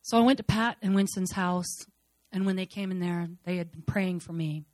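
A woman giving an emotional church testimony, fervent and repetitive, moving between loud declarations and hushed murmurs. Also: fairly low pitch, normal speed, no room sound. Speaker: speaker sharing a personal testimony.

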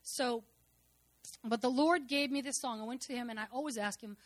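A woman giving an emotional church testimony, fervent and repetitive, moving between loud declarations and hushed murmurs. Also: fairly high pitch, normal speed, no room sound. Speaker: speaker sharing a personal testimony.

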